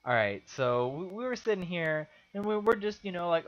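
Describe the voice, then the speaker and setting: A man's voice: sits high, moderate pace, hardly any pauses. A young man from California, a podcast co-host, telling stories in casual chat and acting out the people he quotes. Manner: animated storyteller, acts out quotes loudly. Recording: dull lo-fi sound.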